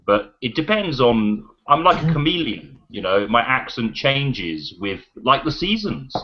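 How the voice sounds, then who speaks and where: A man's voice: medium pitch, big pitch swings, measured pace, a little hiss or hum. A man with a British accent in a casual online chat, playful and self-mocking. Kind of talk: casual group video chat. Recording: muffled online call audio.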